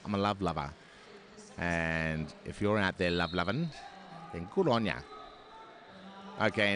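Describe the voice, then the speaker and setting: Speaking into a headset, a deep-voiced Australian man gives live commentary on a roller derby bout. He's chatty and wanders off track, leaning on fillers and self-deprecating asides.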